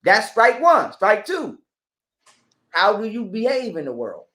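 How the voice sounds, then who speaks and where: A man's voice: high-pitched, huge pitch swings, a little slow, pushed and bright, reverberant. A man giving blunt, profane relationship advice in a casual live-stream talk, preaching at his listeners. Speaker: podcast guest.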